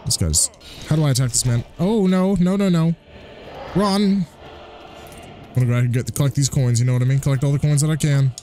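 A man hosting a let's play, commentating excitedly and trash-talking the enemies. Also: mid-range voice, fast, long pauses, slight background noise. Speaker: gaming channel host. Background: game music.

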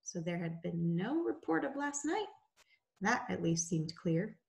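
A woman teacher reads a novel aloud to her students in a measured, unhurried way. Her voice sits on the low side. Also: big pitch swings, vocal fry, a little mellow.

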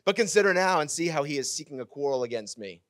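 A man doing a shrill panicking old king. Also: expressive, quick pace, no room sound, clean studio sound. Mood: frantic. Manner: frantic, shouting.

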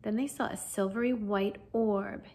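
A woman narrating a children's fantasy novel as an audiobook reader, with a lively, expressive reading. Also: medium pitch, normal speed. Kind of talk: storybook narration.

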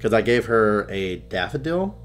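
A man's voice: on the low side, normal speed, faint music behind. A young man co-hosting a podcast, swearing freely and laughing a lot as he tells stories. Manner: profane, animated, laughs a lot. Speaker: podcast co-host. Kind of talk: casual gaming chat.

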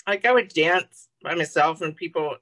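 Low, bright-toned woman co-host. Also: moderate pace, poor audio. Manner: blunt, joking banter. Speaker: podcast co-host. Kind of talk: casual chat.

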